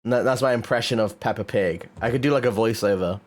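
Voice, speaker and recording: A man streaming and chatting casually, animated, swearing often and laughing a lot. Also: lowish voice, fast talker. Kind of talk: casual chat.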